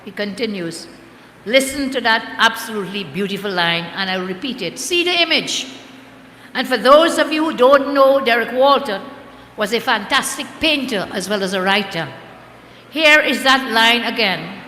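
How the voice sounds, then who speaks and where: A woman's voice: on the high side, expressive, measured pace, bright, forceful tone, slight background noise. An older woman giving a rousing campaign rally speech as a party leader, rhetorical and chanting slogans. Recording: echoey hall with crowd ambience.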